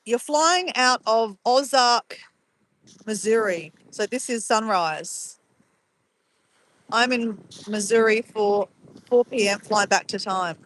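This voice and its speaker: A woman's voice: a little high, takes it slowly, long pauses. A woman streaming live from her phone outdoors at sunrise, chatting casually and reading out viewers' messages. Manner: chatty, greets viewers by name and reads chat aloud.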